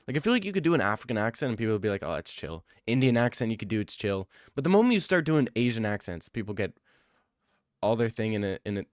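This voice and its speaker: A man's voice: on the low side, clear, resonant tone, no room sound, clean studio sound. A young man streaming live, answering his chat with defensive, joking replies and a lot of "bro.". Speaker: livestreamer reading chat. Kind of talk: casual livestream chat.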